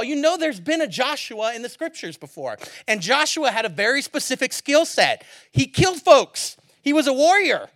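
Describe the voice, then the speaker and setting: A man's voice: extremely high pitch, a bit bright, no echo, clean studio sound. A man preaching a sermon as a pastor, casual and joking in a conversational way.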